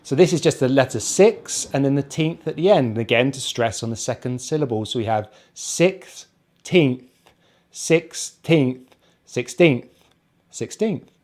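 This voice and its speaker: A man with a British accent teaching English pronunciation, saying each word slowly and repeating it for the listener. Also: mid-range voice, lively intonation, a little mellow. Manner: slow, careful, repeats words for drilling; counts on his hands as he talks. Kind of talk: pronunciation lesson.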